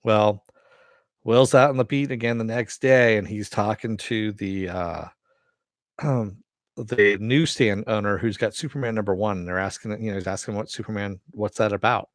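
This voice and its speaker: A man's voice: lowish voice, normal speed, dry recording, studio quality. A man recapping and reviewing a TV episode in a casual, rambling way, full of fillers, restarts and offhand swearing.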